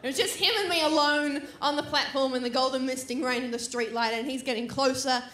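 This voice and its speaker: Stand-up, Australian woman, high bright voice, lively storyteller, echoey venue with faint crowd noise. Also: brisk. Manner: animated storytelling with playful put-on voices. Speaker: stand-up comedian. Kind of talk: stand-up comedy set. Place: comedy festival stage.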